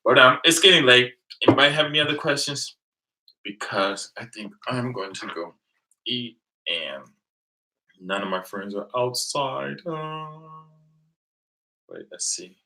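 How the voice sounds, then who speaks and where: An American livestream host in his thirties chats casually with viewers late at night from home, laughing often as he tells rambling stories. His medium-pitched voice is bright and forceful, with lively intonation and an unhurried delivery broken by long pauses.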